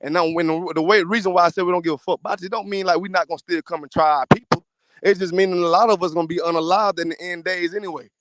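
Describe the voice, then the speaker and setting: A man's voice: high-pitched, fairly even intonation, fast, fairly bright tone. A man hosting a podcast, talking in a casual, profane, emphatic way about faith. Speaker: podcast host. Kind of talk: casual chat.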